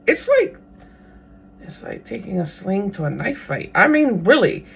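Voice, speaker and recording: A podcast host retelling a Bible story in a casual, animated way, now and then acting out what the characters might think. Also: mid-range voice, a little slow, gravelly, slight background noise. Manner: animated, briefly acts out characters' thoughts.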